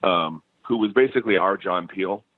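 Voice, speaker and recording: A man's voice: low voice, moderate pace, dry recording. A man telling stories as a musician guest in a casual interview, laughing often and restarting his sentences. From United States. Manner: animated storyteller, laughs often, many restarts. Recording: tinny phone line.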